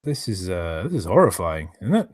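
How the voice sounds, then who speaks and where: A man's voice: low voice, very animated, normal speed, a little mellow, no echo. Sweary, exasperated man on a live stream. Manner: thanks viewers for donations between remarks. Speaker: streamer reading and commenting live. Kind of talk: live reading commentary.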